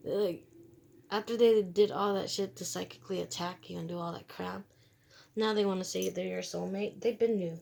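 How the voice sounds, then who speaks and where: A woman's voice: mid-range voice, fairly even intonation, measured pace, vocal fry, pauses often, a little mellow, a little hiss or hum. A woman doing a casual, rambling tarot reading, talking bluntly in slang and laughing between thoughts. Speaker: tarot reader. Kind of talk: casual spiritual reading monologue.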